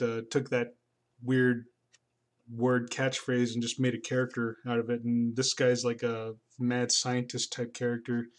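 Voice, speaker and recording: A man talks casually through his old sketchbook at a medium pitch. He rambles, stops and restarts often, filling gaps with "um" and "like". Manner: rambling, many fillers and restarts. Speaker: artist vlogger.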